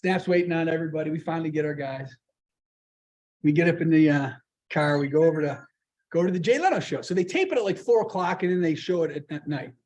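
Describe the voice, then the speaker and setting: High-voiced man telling lively stories. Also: quick pace. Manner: lively anecdotal storyteller who acts out quoted people. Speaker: guest speaker. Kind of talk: storytelling speech at a club meeting. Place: meeting room.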